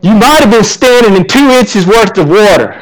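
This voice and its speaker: A man's voice: sits high, lively intonation, moderate pace, some chatter behind, poor audio. A male pastor preaching a sermon, asking the congregation rhetorical questions. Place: church.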